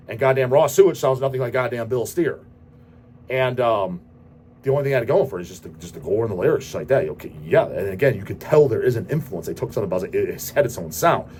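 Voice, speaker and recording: A man's voice: medium pitch, a little mellow, a little hiss or hum. A man hosting a show, answering viewer questions in a profane, ranting casual style. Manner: profane, ranting, repeats goddamn. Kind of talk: casual rant.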